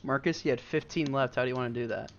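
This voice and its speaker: A man's voice: medium pitch, steady tone, quick pace, dull audio. A man narrating a tabletop game as game master, loose and profane, laughing often. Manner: laughing, profane, loose storytelling with many fillers.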